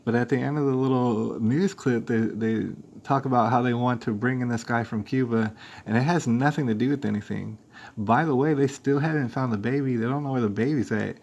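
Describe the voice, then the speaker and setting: A man's voice: mid-range voice, fairly quick, darkish tone, dull audio. A man hosting a live stream, giving rambling, speculative commentary on news clips with many fillers and restarts.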